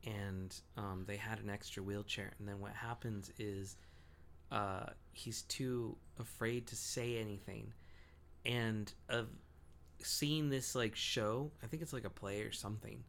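A man's voice: fairly low pitch, steady tone, measured pace, creaky, fairly bright tone, slight background noise. A young man co-hosting a casual podcast, rambling through stories with lots of swearing. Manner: profane, rambling storyteller. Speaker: podcast co-host. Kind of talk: casual chat.

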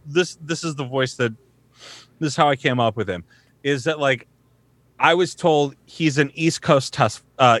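A man's voice: a little high, a bit bright, dry recording. Rambling, swearing man voice actor. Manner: rambling, heavy swearing and filler words. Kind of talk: casual chat.

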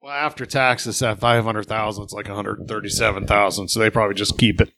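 A man's voice: lowish voice, steady tone, a little fast, sharp tone, a little hiss or hum. A man co-hosting a casual sports podcast who tells stories and acts out what others said. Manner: storytelling, acts out quotes. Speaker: podcast co-host.

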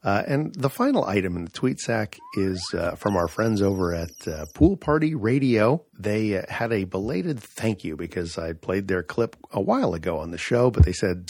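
A man's voice: low-pitched, lively intonation, moderate pace, darkish tone, no room sound, studio quality. A man hosting a comedy podcast, reading listener messages and introducing clips with many fillers. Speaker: podcast host. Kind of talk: casual show segment.

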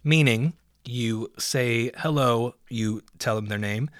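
A man's voice: mid-range voice, takes it slowly, no room sound, clean studio sound. A man hosting a solo podcast from indoors, ranting in a profane, sarcastic, rambling way. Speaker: podcast host. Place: indoors by a window.

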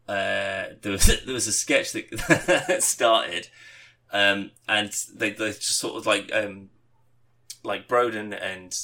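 A man's voice: lowish voice, fairly bright tone. A man hosting a podcast, telling rambling anecdotes with lots of fillers and swearing. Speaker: podcast host. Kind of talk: casual chat.

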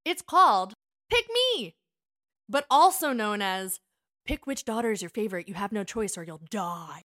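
A woman co-hosting a casual talk show, speaking in a relaxed, reflective way. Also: mid-range voice, normal speed. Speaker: podcast co-host, daughter. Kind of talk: casual chat.

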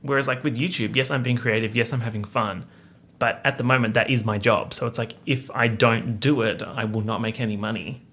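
He's a young podcast host from Perth, Australia, chatting through a campy update rich in slang and self-mockery. The delivery is fairly quick and steady, at medium pitch with a fairly bright tone.

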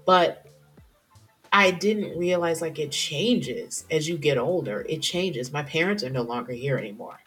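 A woman's voice: low voice, animated, a little slow, fairly bright tone, faint music behind. A woman hosting her own podcast, talking candidly and emotionally about her career, chatty and prone to interrupting herself. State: teary at times. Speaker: podcast host. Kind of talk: personal podcast monologue.

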